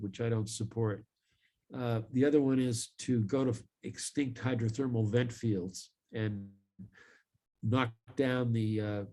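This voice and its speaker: A middle-aged man giving an earnest live talk as an ocean scientist, speaking in a measured way with many pauses and fillers. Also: mid-range voice, vocal fry, mellow.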